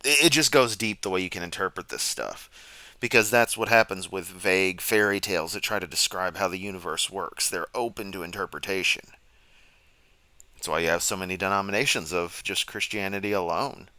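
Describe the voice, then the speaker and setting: A man's voice: sits low, fairly quick, pushed and bright, dry recording. A man giving sarcastic, rambling reaction commentary from a chair at home. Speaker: commentary streamer. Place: home room, seated.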